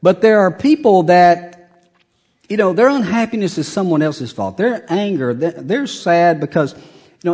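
A middle-aged man preaching with a folksy, joking delivery. His voice sits a little high for a man, and he swings between loud punchy bursts and quiet asides. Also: big pitch swings, measured pace. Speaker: pastor. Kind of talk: sermon.

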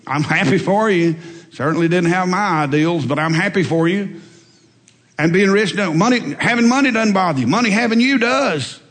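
A man preaching a sermon, telling folksy stories and swinging between loud emphatic lines and quiet asides. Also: high voice, moderate pace. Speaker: pastor. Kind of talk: sermon with storytelling. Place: church sanctuary. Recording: long reverb in a large hall.

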